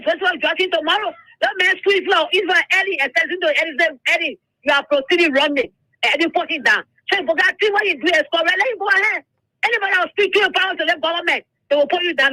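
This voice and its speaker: A man calling in to a radio show, animated, recounting events and quoting others. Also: very high voice, dry recording, rough recording. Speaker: caller. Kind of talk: call-in radio comment.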